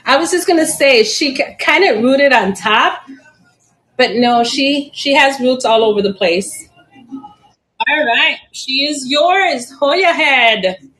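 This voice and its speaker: A middle-aged woman with a high, expressive, slightly bright voice speaks slowly on a low-quality recording while hosting a casual live plant sale. She chats and giggles often, stumbling over plant names and sometimes spelling them out.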